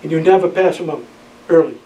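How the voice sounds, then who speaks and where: A man's voice: a little high, fast, mellow. Older man spinning yarns. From Maine, USA. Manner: rambling, folksy, laughs often, many "you know"s. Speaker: interviewee, retired Coast Guard keeper. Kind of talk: storytelling oral history. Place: library room. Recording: roomy, distant, dull, faint hiss.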